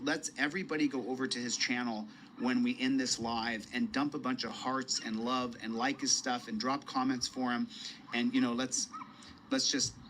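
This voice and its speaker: A man rambles casually through a live stream at a mid pitch, circling back over his words and greeting viewers. There is a faint background noise behind him. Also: a bit bright, poor audio. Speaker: livestreamer.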